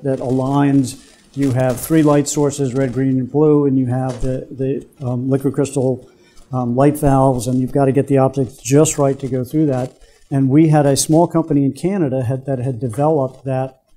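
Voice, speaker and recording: An older man giving a guest lecture to students, telling business stories from his career and pausing to quiz the audience. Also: medium pitch, mellow. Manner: anecdotal, quizzes the audience. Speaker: guest speaker, business executive. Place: university lecture room.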